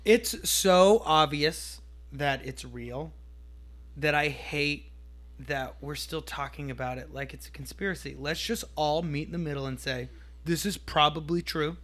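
A man's voice: on the high side, measured pace, fairly bright tone. A man co-hosting a podcast in casual chat, playful and rambling, joking with his co-host.

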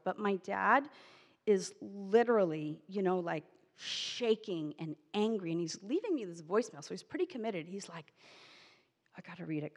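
Woman telling a personal story in a hall. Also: medium pitch. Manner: animated, acts out quoted voices.

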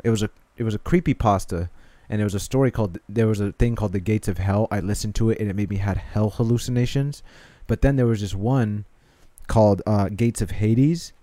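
A young man in casual chat, telling a rambling, excitable story. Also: on the low side, a little fast, no echo.

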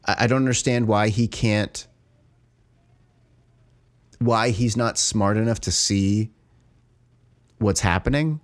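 A man co-hosting a podcast, talking in an animated, exasperated way and filling his speech with "like". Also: fairly low pitch, takes it slowly, pauses often. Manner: animated, exasperated critique with frequent "like". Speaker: podcast co-host. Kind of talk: casual chat.

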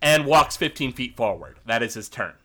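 Halting man running a tabletop game. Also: mid-range voice, animated, sharp tone. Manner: halting, many fillers. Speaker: game master.

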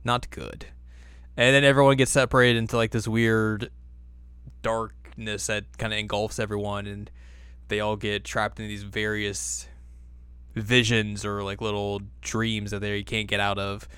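A man's voice: fairly low pitch, flat delivery, unhurried, a bit bright, smooth, no echo. A man co-hosting a casual chat, retelling a cartoon plot in a laid-back way. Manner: laid-back, drops into silly voices. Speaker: podcast co-host. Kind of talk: casual chat recapping an anime.

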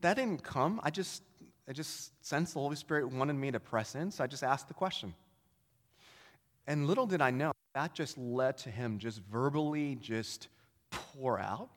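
A man's voice: medium pitch, fairly bright tone, in a large hall. A man telling a personal faith story in an earnest, rambling way, with many fillers and restarts. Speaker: storyteller sharing a testimony. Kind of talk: casual spoken testimony.

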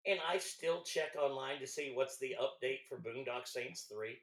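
A man from Texas with a Texas accent, a longtime radio host chatting loudly on a podcast, swearing and stumbling over restarts. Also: medium pitch, moderate pace, reverberant. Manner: loud, profane, stammering restarts. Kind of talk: casual podcast chat.

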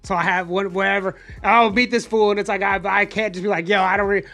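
A man hosting a podcast, telling animated, profane stories in casual chat and acting out what people said. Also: high voice, a little fast, gravelly, no room sound, faint music behind. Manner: profane, animated storyteller, acts out quotes. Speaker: podcast host.

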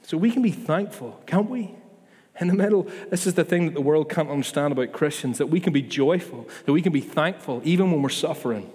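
Guy preaching, chatty and earnest, bit high, big echoey church. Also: animated, brisk, darkish tone, slightly rough. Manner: earnest, conversational preaching with restarts and asides. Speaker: pastor. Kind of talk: sermon. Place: church hall. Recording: long hall reverb.

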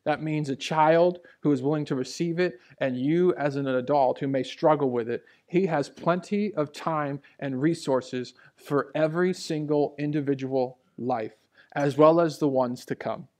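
In a church sanctuary, a pastor in his thirties delivers a sermon full of personal stories, told conversationally. His voice is fairly high and unhurried, dipping into hushed asides and then rising for emphasis, picked up by a handheld or stage mic.

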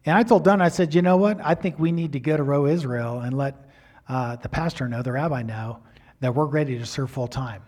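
In a mid-range voice and at a slightly quick clip, this middle-aged pastor animatedly recounts a personal story from the pulpit. He acts out the dialogue, his volume rising and falling sharply.

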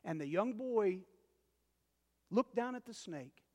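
A male pastor preaching a sermon, telling a story dramatically with big swings between loud and hushed. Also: high voice, expressive, takes it slowly, highs cut off. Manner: addresses listeners as "dear ones". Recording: long reverb of a large hall.

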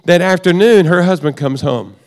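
A middle-aged male preacher teaching in a relaxed, conversational way, looping back over his own phrases. His voice sits fairly high for a man. A long reverb trails behind him in a big church hall. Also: normal speed. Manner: conversational, with repetitions and restarts. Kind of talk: sermon teaching.

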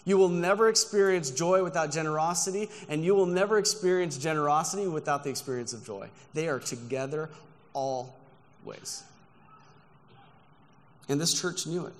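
A man's voice: on the high side, moderate pace. Man preaching earnestly in a reverberant hall. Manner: emphatic, earnest preaching with personal stories. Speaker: guest pastor. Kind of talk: sermon. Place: church sanctuary. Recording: long reverb of a large church hall.

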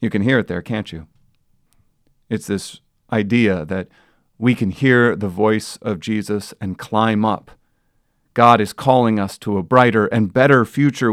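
A man preaching a sermon as pastor, earnest and plain, building to loud emphatic passages. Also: medium pitch, no room sound, clean studio sound. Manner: earnest preaching, rising to loud sung quotes.

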